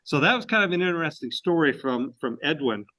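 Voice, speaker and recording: A man's voice: fairly high pitch, lively intonation, a little fast, pushed and bright, poor audio. A man from Maine giving a storytelling history presentation to a club, folksy and full of fillers and restarts.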